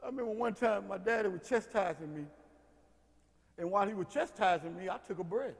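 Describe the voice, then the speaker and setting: A man pastor preaching a sermon in a folksy way, swinging from hushed talk to shouts. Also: sits high, lively intonation, a little fast, gravelly, long reverb tail.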